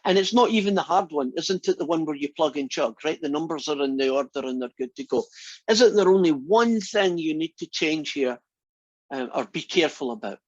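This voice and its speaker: A man's voice: a little high, animated, brisk, no room sound. A man teaching a math class in a chatty, teasing way, often asking the students questions. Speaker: math instructor. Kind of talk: classroom lecture. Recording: dull lo-fi lecture recording.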